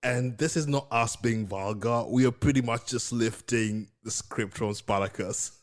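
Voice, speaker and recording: Quiet, low-key podcast co-host. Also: a little slow. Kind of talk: casual chat.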